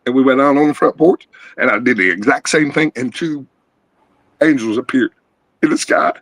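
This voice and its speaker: Speaking at a moderate pace in a medium-pitched voice, a middle-aged guest caller gives a rambling personal testimony on an open video call panel. His storytelling is earnest and animated. There is no echo, though the recording quality is low.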